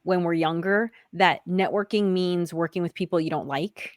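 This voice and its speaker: A woman hosts a podcast interview in a relaxed, friendly chat. She is recorded close and dry with no room sound. She chimes in often to encourage her guest and laughs easily. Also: on the low side, normal speed, dry recording. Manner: encouraging, laughs easily, lots of short agreements. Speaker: podcast host.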